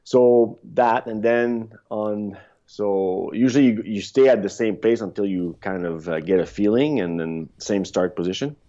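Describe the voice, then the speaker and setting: A man in his fifties, a podcast guest, telling rambling, animated stories in a casual interview, with frequent restarts. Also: fairly low pitch, measured pace. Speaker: podcast guest, former luge athlete. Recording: dull lo-fi sound.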